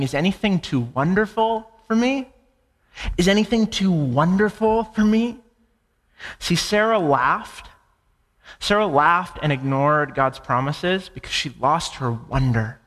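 A man's voice: mid-range voice, a bit bright, long reverb tail. A man preaching a sermon, impassioned, with repeated phrases and stammered restarts. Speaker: pastor.

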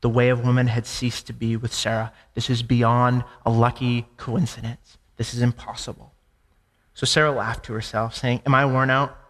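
A man's voice: mid-range voice, little pitch movement, normal speed, long reverb tail. A man preaching a sermon, impassioned, with repeated phrases and stammered restarts. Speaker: pastor.

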